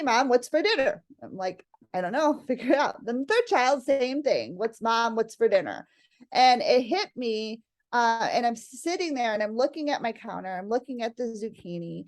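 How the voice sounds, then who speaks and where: A middle-aged woman with a fairly high voice tells a family story as a guest. She speaks in a lively, animated way, laughing often and acting out the voices of her kids and husband. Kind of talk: casual storytelling interview.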